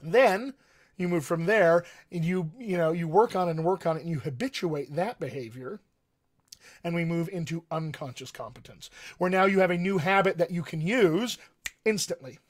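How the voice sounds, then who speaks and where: Encouraging male dialect coach, slightly high. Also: normal speed. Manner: friendly, encouraging, with frequent fillers. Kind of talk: live-streamed Q&A, explaining and answering viewer questions.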